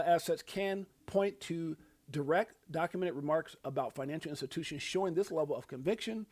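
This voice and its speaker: A man's voice: on the high side, a little mellow. Laid-back chuckling man hosting a stream. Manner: laid-back, chuckling, repeats "facts" and "huh?". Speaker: crypto livestream host. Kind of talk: casual livestream commentary.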